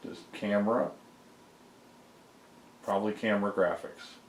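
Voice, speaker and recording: Guy with a low voice talking thru his game code, lots of ums, kinda echoey room. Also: fairly even intonation, a little slow. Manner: rambling, explains code step by step with fillers. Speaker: homebrew game developer. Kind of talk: casual screen-recorded dev vlog.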